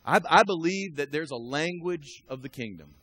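Bright high-voiced male pastor preaching. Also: expressive, normal speed, husky. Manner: conversational, asks the congregation questions, builds to loud emphatic preaching. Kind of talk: live sermon. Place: church sanctuary.

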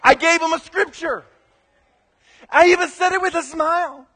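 A man preaching as pastor in a sermon, animated, swinging from quiet asides to loud emphatic bursts. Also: very high voice, normal speed, in a large hall.

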